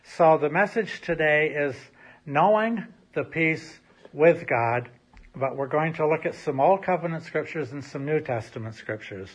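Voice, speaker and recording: A man's voice: a little high, lively intonation, unhurried, breathy edge. A male pastor delivering a recorded sermon in an empty church sanctuary, speaking casually with frequent restarts. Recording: slightly muffled recording.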